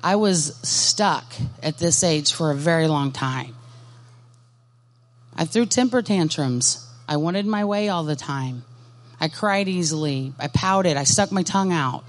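Brief: woman, lowish voice, earnest and direct workshop speaker who questions the room. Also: animated, measured pace. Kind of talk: Christian ministry workshop talk. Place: conference workshop session.

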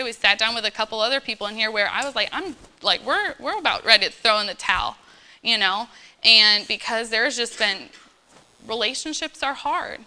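A woman's voice: fairly high pitch, pushed and bright, clean tone. A woman in her thirties giving an informal church talk, chatty and earnest, full of fillers and checking in with "okay?". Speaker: church speaker. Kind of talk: informal sermon to young believers.

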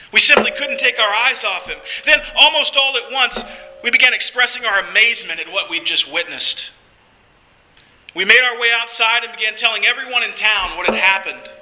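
Bright, high-voiced male storyteller. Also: slight background noise, low-quality recording. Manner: earnest, dramatic storytelling with vivid pauses. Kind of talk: first-person scripted narration.

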